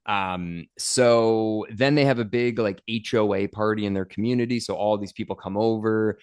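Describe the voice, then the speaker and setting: Low-voiced man chatting casually about a film. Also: moderate pace, clean tone. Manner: relaxed, rambling with filler words. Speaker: podcast co-host. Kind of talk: casual film review chat.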